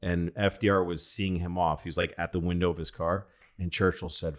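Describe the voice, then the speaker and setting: A man with a lowish voice tells a loose, profane history story on a comedy podcast. He rambles, restarts and gets animated as he goes. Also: a little fast.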